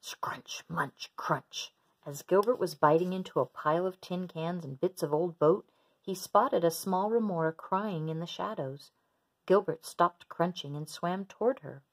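A woman gently reading a children's storybook aloud in a steady storyteller voice. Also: on the low side, normal speed.

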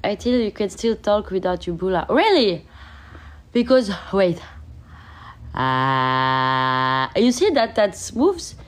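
A woman's voice: mid-range voice, very animated, moderate pace, a little mellow. A young woman, sick, chatting casually on a livestream from her bedroom, reading out viewer comments and laughing often.

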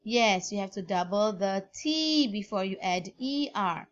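Malaysian english lady teacher, real slow, spells words out letter by letter, kinda dull lo-fi sound. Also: medium pitch, animated. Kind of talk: grammar lesson.

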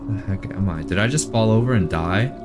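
A young man with a very low voice streams himself playing a game, joking as he goes. He breaks into high, excited cries when something happens. Game music plays clearly behind him. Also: brisk. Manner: reactive, jokey, breaks into high excited exclamations. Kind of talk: live gameplay commentary.

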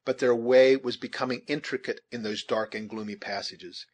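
A man reading a novel aloud in a steady, measured narration. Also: medium pitch. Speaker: audiobook reader. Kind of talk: scripted narration.

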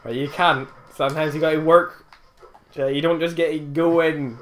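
A young man bantering over a video game, teasing his friend with deadpan insults. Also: a little high, normal speed, slight background noise. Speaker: co-host commentating a let's play. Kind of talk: casual banter.

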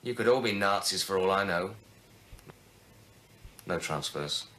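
A curt, dismissive camp official. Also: male voice, low-pitched, expressive, unhurried, fairly bright tone. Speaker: camp guard. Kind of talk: 1980s television drama.

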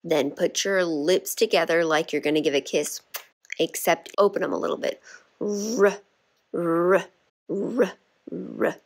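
Low-voiced woman teaching kindergartners. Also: normal speed. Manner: encouraging, clear step-by-step explanation. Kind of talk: classroom instruction to young children.

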